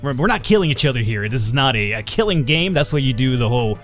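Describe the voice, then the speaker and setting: Man, let's play host, casual gameplay commentary, self-deprecating, lively pitch, faint music behind. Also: quick pace. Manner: chatty, self-deprecating, thinks aloud.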